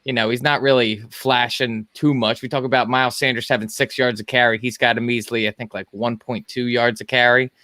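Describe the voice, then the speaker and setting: Man, bright forceful voice, dry sound, easygoing sports analysis. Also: medium pitch, level tone, fairly quick, few pauses, no echo. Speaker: podcast co-host. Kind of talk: casual sports chat.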